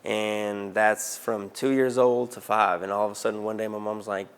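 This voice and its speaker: Low-voiced man with an Arkansas accent. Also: normal speed, clean tone. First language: Spanish. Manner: animated, conversational, asks "right?" often. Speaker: interviewee. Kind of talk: personal storytelling in an interview. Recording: music playing underneath.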